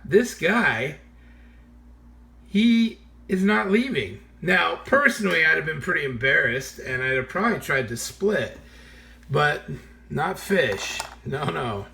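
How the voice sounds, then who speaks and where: A man telling a funny true story in a casual, animated way, often laughing as he tells it. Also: on the high side, gravelly.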